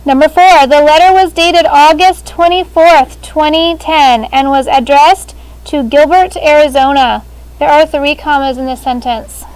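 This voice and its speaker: A high-pitched woman leads a grade-school grammar lesson, brisk and businesslike as she calls on students one by one. She speaks through a face shield in a classroom. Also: darkish tone, poor audio. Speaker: sixth grade language teacher. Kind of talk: classroom teaching.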